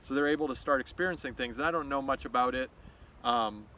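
A man hosting his own reflective talk, musing thoughtfully with pauses and restarts while out on a nature trail. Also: mid-range voice, bright, forceful tone, slight background noise, low-quality recording. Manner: thoughtful, unhurried, with fillers and restarts. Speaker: host. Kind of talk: reflective walk-and-talk monologue.

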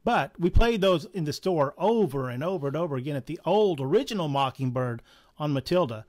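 A man's voice: on the high side, lively intonation, a little fast, darkish tone. A man with a Southern accent running a live comic shop sale, chatty and joking as he prices items. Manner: chatty, chuckling, jokey asides. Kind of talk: casual live sale patter.

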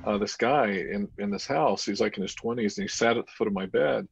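A man's voice: lowish voice, fairly quick, gravelly, slight background noise. A man who is a paranormal investigator, chatting casually on a video call and telling a story animatedly. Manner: animated storyteller, acts out dialogue. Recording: muffled lo-fi video call audio.

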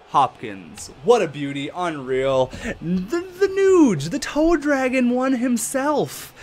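A young man giving excited, swearing commentary over a hockey video game, trash-talking and bursting into laughter. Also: very high voice, takes it slowly, a little hiss or hum. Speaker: gaming YouTuber.

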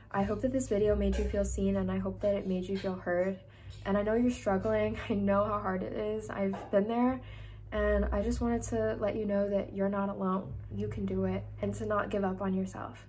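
A woman in her twenties speaks to the camera in an earnest personal vlog. Her voice sits at a middle pitch and carries emotion, sometimes near tears. Faint noise hums behind her. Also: dark tone. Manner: earnest, emotional, tearful at times. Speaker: vlogger. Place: indoors, seated.

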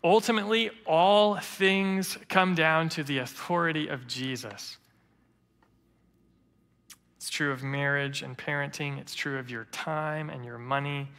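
Bright-voiced preacher in a reverberant church. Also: male voice, fairly high pitch, measured pace, clear, resonant tone. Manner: earnest storytelling preacher, quotes others in lively voices. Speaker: interim lead pastor. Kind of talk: sermon. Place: church sanctuary.

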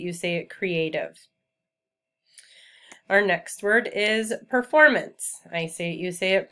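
A woman teacher giving a remote vocabulary lesson to children, speaking clearly and patiently and repeating each word for students to say back. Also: fairly low pitch.

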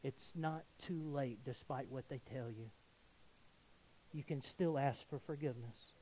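A man preaching a sermon as pastor, earnest and swinging between quiet appeals and emphatic exhortation. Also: mid-range voice, measured pace, a little hiss or hum, rough recording.

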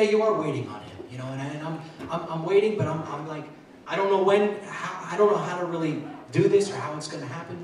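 Male pastor, earnest sermon delivery with stammered repeats, recorded far off in a roomy, echoey hall. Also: fairly high pitch. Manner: earnest, repeats words, rising to excited bursts. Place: church sanctuary. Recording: echoey hall, mic far off, faint noise.

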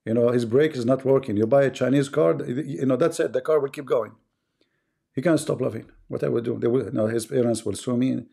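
Gravelly husky man, mocking tone. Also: medium pitch, fast, few pauses, warm tone. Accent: Arabic. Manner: sarcastic, taunting, laughs at callers. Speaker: host of a live debate stream. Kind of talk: mocking live-stream banter.

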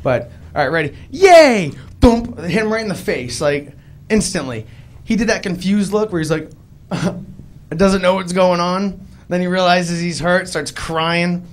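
A young Boston-accented comic does a live stand-up set at a club, speaking unhurriedly in a high-pitched voice. He pokes fun at himself through animated stories, acting out each quoted voice.

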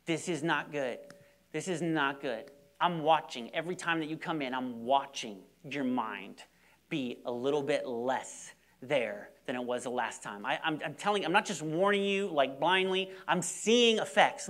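A man's voice: fairly high pitch, moderate pace, a bit bright. A young man preaching a sermon, telling stories animatedly with repeated words and sudden drops to near-whispers. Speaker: pastor.

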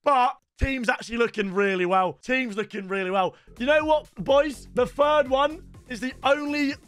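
A young man, hosting a gaming channel in an excitable, bantering, chatty way. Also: very high-pitched, normal speed, dry recording, faint music behind. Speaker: video game channel host. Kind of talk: casual gaming commentary.

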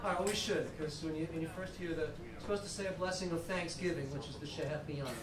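A man's voice: on the high side, quick pace, a crowd in the background. A man leading a shofar service as cantor, chatty and joking as he conducts the congregation. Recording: echoey hall, far from the mic, noisy.

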